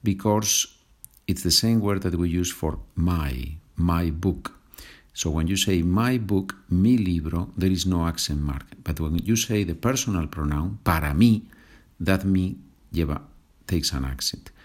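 A low-pitched man with a Spanish accent teaches a language lesson. He speaks slowly and patiently and sets each example sentence apart with care. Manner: slow and patient, switching between English and Spanish example sentences.

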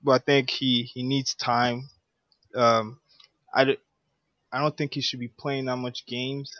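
A man co-hosting a relaxed podcast, talking hesitantly at a mid pitch with plenty of restarts and "um"s. His audio sounds slightly dull and lo-fi. The sound is dry. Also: a little slow, no echo. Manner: hesitant, stammering with many "um"s. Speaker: podcast co-host. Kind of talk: casual chat.

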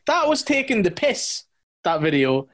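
An Irish man co-hosting a podcast who rambles through exasperated rants, circling back over the same words again and again. His voice sits a little on the high side for a man. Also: very animated, normal speed, a bit bright. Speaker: podcast co-host. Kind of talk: casual chat.

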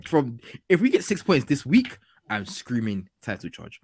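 An excitable young man riffs about football with his friends on a podcast, full of slang. His mid-pitched voice moves lively up and down and is recorded dry and close. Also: moderate pace, breathy edge, dry recording. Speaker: podcast co-host. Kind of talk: casual football chat.

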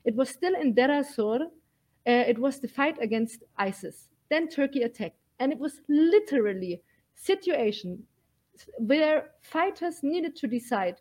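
A woman's voice: sits high, expressive, unhurried, darkish tone. A woman guest in an interview, talking earnestly and emphatically, with many fillers. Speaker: guest, militia fighter.

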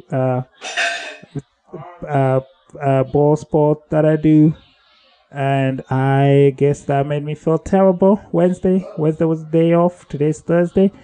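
A man talks through a solo podcast in a loose, rambling monologue. His voice sits a little high but sounds mellow and warm. He circles back and corrects himself as his energy swings between upbeat and low-key. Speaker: podcast host.

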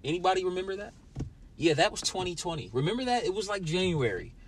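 A man's voice: sits high, big pitch swings, fast talker, a little hiss or hum. A young man hosting a podcast, ranting with lots of swearing and talking straight at his listeners in a sour, angry mood. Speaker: podcast host. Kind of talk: profane solo podcast rant.

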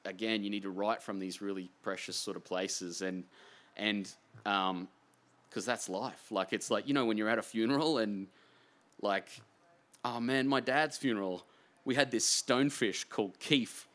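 Earnest Australian man with a low voice. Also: normal speed. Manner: earnest, rambling, swings between hushed and animated. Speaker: author guest. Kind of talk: emotional anecdotal storytelling.

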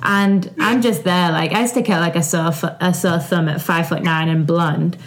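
A woman's voice: fairly low pitch, steady tone, normal speed. A woman chatting on a podcast, telling stories with lots of "like" and "um". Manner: chatty storyteller, filler "like" and "um". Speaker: podcast co-host. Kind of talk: casual podcast chat.

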